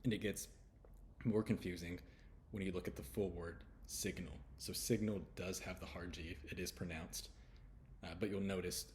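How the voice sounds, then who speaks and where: A man from Houston, teaching letter sounds in a relaxed lesson and slowly repeating each sound. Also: sits low, slight background noise. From Houston, Texas. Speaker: English pronunciation teacher. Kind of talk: casual spoken lesson.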